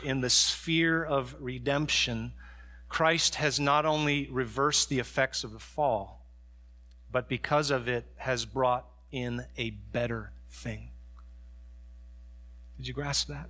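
Bright-voiced preaching man. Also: medium pitch, fairly even intonation, slow. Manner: swings from soft storytelling to raised preaching. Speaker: pastor. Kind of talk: sermon.

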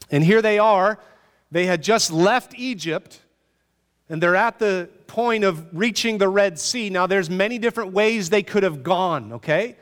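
A man preaching a sermon in an animated, conversational way, asking his listeners rhetorical questions. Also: high voice, big-room sound. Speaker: pastor.

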